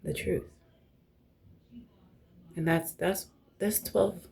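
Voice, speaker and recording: A woman's voice: on the low side, moderate pace, creaky, mellow, breathy edge. A young woman host telling personal stories in a casual, blunt, profane way, often dropping to a near whisper. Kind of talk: casual storytelling chat.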